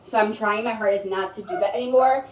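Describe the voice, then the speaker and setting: In a medium-pitched voice and at a fairly quick clip, a young adult woman vents on a livestream from home. The emotional rant wanders, circles back on itself, and turns defensive, picked up by a distant mic in an echoey room.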